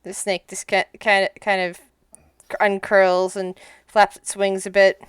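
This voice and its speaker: A woman narrating as game master in a tabletop game, relaxed and halting, with frequent restarts. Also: mid-range voice, clear, resonant tone, no echo.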